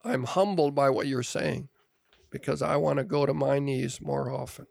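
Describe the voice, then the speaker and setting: A man's voice: medium pitch, steady tone, normal speed, creaky, a little mellow, no room sound, clean studio sound. An older man telling an earnest, confessional family story on a podcast. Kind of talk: casual podcast conversation.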